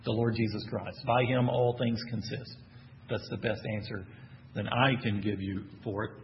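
Speaking at a normal speed in a fairly low register, this Texan-accented man delivers a sermon, asking his congregation question after question and answering with emphatic, animated outbursts. The recording is lo-fi, with a little hiss or hum.

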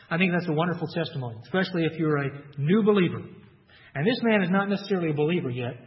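A man preaching an expository Bible sermon, lively and acting out the speakers he quotes with sudden high jumps in his voice. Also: fast talker, in a large hall, lo-fi sound.

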